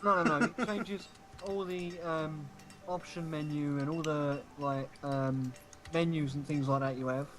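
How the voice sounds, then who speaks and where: A man's voice: fairly high pitch, fairly even intonation, unhurried. A man casually chatting with friends while livestreaming a game, swearing freely and laughing at his own jokes. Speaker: streamer host. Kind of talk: casual gaming chat.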